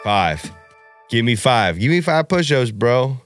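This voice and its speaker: A man's voice: medium pitch, big pitch swings, unhurried, music in the background. A man co-hosting a podcast, brash and joking in crude casual banter during a drinking game. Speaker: podcast co-host.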